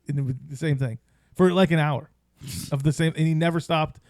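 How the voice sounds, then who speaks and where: Young guy podcasting, goes on and on, kinda high-ish voice, no room echo. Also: steady tone, fast, a little mellow, clean studio sound. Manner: rambling storyteller, acts out his toddler. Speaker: podcast co-host. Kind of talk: casual chat.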